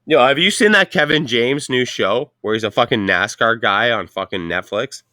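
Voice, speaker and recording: A man's voice: mid-range voice, moderate pace, bright, forceful tone, no echo, clean studio sound. A man with a Canadian accent hosting a casual chat, telling a rambling story full of profanity. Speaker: podcast host.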